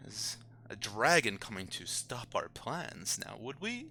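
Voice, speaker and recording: Guy putting on a posh slow-talking tentacle head monster, super polite, bright tone. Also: mid-range voice, big pitch swings, gravelly, slight background noise, heavily acted. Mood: coaxing. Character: many-headed eyeless root monster, oddly proper and genteel.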